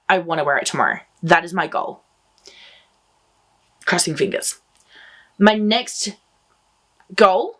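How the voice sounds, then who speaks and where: Chatty, excitable woman knitting host. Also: mid-range voice. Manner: enthusiastic, chatty, rambling. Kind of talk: casual chat to camera.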